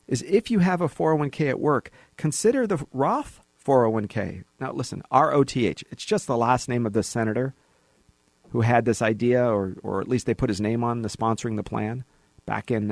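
Gravelly-voiced man, emphatic radio host. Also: medium pitch, a little mellow, no room sound. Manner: emphatic, folksy, direct address to listeners. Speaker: financial radio show host. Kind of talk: conversational radio monologue.

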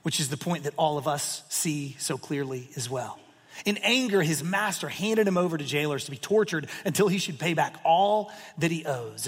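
A man preaching a sermon, retelling a parable with emphatic asides and lively storytelling. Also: fairly high pitch, husky, in a large hall. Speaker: pastor.

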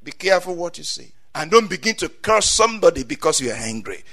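A male preacher giving a fervent sermon, saying amen often, repeating phrases and rising to loud peaks. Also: fairly high pitch, sing-song, fast talker.

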